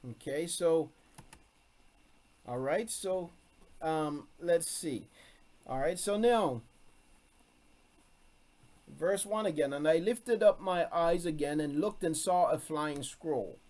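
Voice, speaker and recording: A man's voice: on the high side, takes it slowly, pauses often, darkish tone. Man teaching scripture with emphasis. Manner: emphatic, repeats key points. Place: room, streamed on video call.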